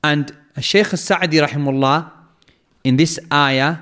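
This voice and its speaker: A man teaching scripture with a slightly raised pitch. He lays out each point in measured steps and repeats key phrases for emphasis. He breaks into quick Arabic recitation between his explanations. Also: pushed and bright, smooth. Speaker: Quran lecturer. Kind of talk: explanatory religious lecture.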